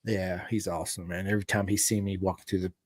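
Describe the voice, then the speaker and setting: A man with a Southern American country accent hosting a podcast, telling stories in an animated, casual way. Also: sits low, quick pace, no room sound, studio quality. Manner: animated storyteller, says dude and bro a lot. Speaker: podcast host. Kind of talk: casual chat.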